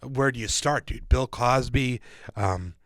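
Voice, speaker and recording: Casual male podcast co-host with a mid-pitched voice, rambling with lots of fillers, dry recording. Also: measured pace, a bit bright, no echo. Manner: casual, calls listeners "guys" and "dude".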